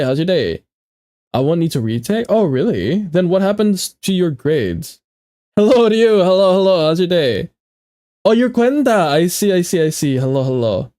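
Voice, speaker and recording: Lively, playful young male streamer. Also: a little high, dry recording, clean studio sound. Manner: chatty and playful, greets chat, stumbles and repeats himself. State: stuffy nose. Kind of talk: casual livestream chat with viewers.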